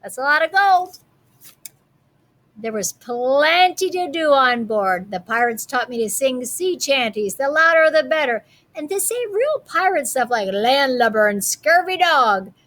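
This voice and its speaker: A woman's voice: high voice, lively intonation, a little slow, fairly bright tone. A woman teacher reading a picture book aloud to children, with friendly, chatty asides.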